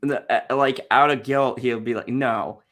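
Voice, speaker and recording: Casting note: male co-host, medium pitch, relaxed and conversational, explains plot with ums and likes. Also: normal speed. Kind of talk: casual review chat.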